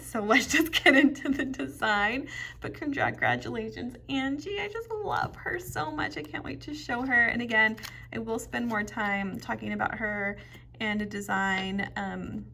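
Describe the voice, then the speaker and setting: A woman chats through a casual vlog, gushing over each piece and often sinking into a whisper. Her voice is bright with a gravelly edge, and she takes her time. A faint hiss sits behind her. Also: medium pitch, normal speed. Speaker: jewelry bead reviewer. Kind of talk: casual show-and-tell vlog.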